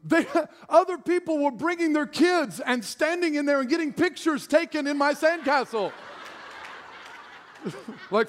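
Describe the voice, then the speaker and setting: A man's voice: very high-pitched, animated, a little slow, a little hiss or hum. A middle-aged man preaching a sermon as pastor, telling stories in a self-deprecating way and laughing often. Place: large church hall. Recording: long hall reverb.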